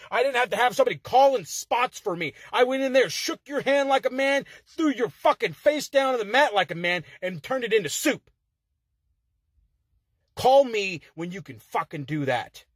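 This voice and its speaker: Raspy, high-voiced man trash-talking a rival in a wrestling promo, heated and profane; dead-dry car recording. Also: a bit bright, no echo. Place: inside a car.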